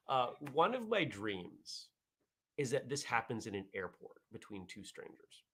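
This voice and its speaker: A man hosting a casual morning vlog show, chatting in a relaxed, rambling way as he reads viewer comments. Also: medium pitch, unhurried, breathy edge.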